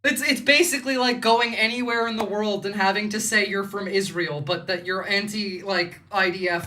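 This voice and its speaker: A woman's voice: mid-range voice, lively intonation, normal speed, pushed and bright. A woman from the United States hosting a livestream, giving rambling, sarcastic political commentary. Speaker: livestream host.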